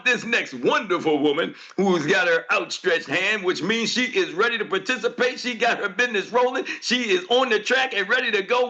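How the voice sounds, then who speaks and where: A man hosting a group coaching call in a lively, folksy way, laughing often as he hands over to speakers. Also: high voice, lo-fi sound. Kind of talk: casual motivational chat.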